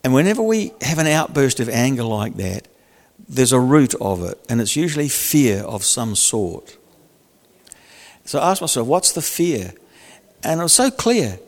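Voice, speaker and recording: In a large hall, a male pastor delivers a sermon in a conversational style, joking and acting out little scenes and quotes. His medium-pitched voice is very animated, at a normal speed.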